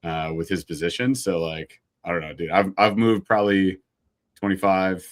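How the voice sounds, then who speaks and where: Laid-back dude in his 30s, lowish voice, cracks up a lot, pokes fun at himself. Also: moderate pace. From Ohio, USA. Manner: laughs often, self-deprecating, loose. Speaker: guest. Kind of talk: casual chat.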